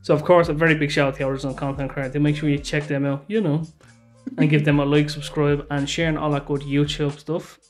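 An Irish man chatting casually on a reaction video, easygoing and a bit rambling. He has a middling pitch, and faint music sits behind him. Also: flat delivery, fast. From Ireland. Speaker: reaction channel host. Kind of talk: casual chat.

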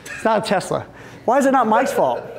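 Man, high voice, upbeat seminar speaker, joking and talking straight to the audience. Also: fairly quick, creaky. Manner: energetic, joking, addresses the audience directly and acts out little scenes. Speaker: seminar speaker for fence company owners. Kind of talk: business seminar talk. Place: retreat event room with a live audience.

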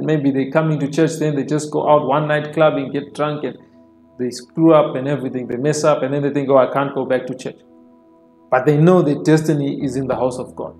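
A man's voice: fairly high pitch, vocal fry. A man preaching a sermon, often tagging his points with a question and repeating phrases for emphasis. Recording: roomy sound with soft worship music behind. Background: soft instrumental worship music.

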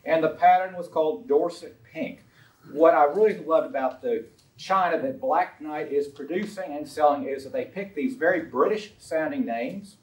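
A man's voice: a little high, moderate pace. A man giving an illustrated lecture on a historical collection, chatty and anecdotal, with frequent ums and uhs. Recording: roomy sound from a distant mic.

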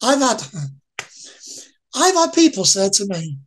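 Speaking slowly with big pitch swings, this woman has a fairly high voice and shares her lived experience candidly in an interview. She often asks the listener rhetorical questions. The recording quality is rough.

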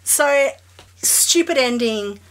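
A woman's voice: sits high, lively intonation, slow, a bit bright. Female podcast co-host, casual and blunt, exasperated, swears freely. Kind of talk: casual chat.

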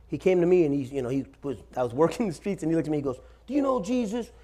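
Rapid-fire and warm, with a voice a little on the high side, this man in his forties preaches a sermon in a church sanctuary. As pastor, he tells funny stories and keeps asking the room "Amen?"

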